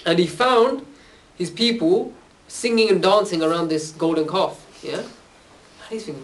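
Recorded from a distance with slight background noise, a high-voiced male religious speaker tells stories to young people in a casual, conversational way. His intonation is lively and his pace moderate, and he tacks a questioning "yeah?" onto nearly every phrase.

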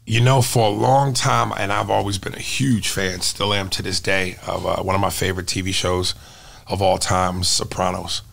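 A man's voice: low voice, normal speed, creaky. A male comedian and impressionist telling stories in a casual interview. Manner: animated storyteller who drops into impressions.

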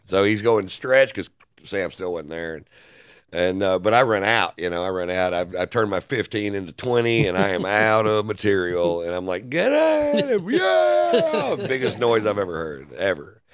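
A man's voice: sits low, normal speed, smooth, dry recording, studio quality. A man, a comedian, telling a loose, profane story in a casual interview. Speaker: comedian guest. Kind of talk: storytelling anecdote.

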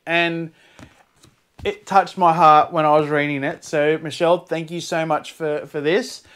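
An Australian man, excitable and quick to laugh, chatting casually to camera as a fluid art vlogger. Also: fairly high pitch, clean tone. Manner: excitable, laughs often, bursts into shouts.

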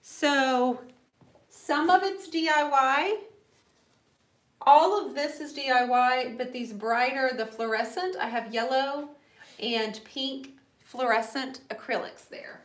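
A woman with a fairly high voice hosts a live painting tutorial from her home studio, and her voice rings in an echoey room. She chats easily and laughs often. She breaks off with quick apologetic asides as she paints. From United States.

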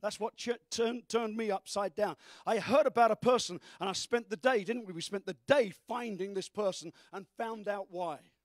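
A man preaching a sermon as pastor, fervent and breaking into shouts. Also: sits high, normal speed, hardly any pauses, no echo, clean studio sound.

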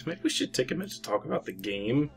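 A young man co-hosting a game playthrough, bantering and teasing his friend with relaxed hesitations. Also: mid-range voice, fairly quick, husky, soft background music. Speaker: let's play co-host. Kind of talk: casual gameplay chat.

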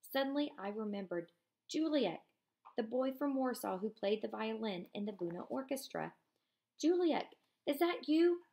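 A woman teacher reading a novel aloud in a measured voice, pausing for casual comments to her class. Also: on the high side, expressive, vocal fry, darkish tone.

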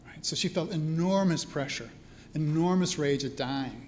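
Chatty higher-voiced male priest storyteller. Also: moderate pace, darkish tone, slight background noise. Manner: chatty, often checks in with the audience. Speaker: priest and spiritual care teacher. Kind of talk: storytelling talk to a live audience. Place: church hall event.

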